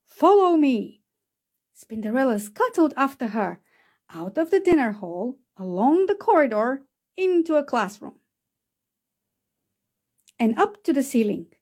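A woman reads a children's picture book aloud in a high, sing-song voice. She takes her time over every line. Her tone lifts and dips all the way through. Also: measured pace, long pauses, slightly rough. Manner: lively, expressive voices for each character. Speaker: storyteller. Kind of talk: children's storybook read-aloud.

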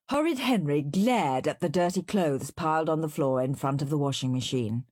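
A woman reading a children's story aloud, lively and animated. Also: sits low, normal speed, hardly any pauses, no room sound. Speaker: narrator.

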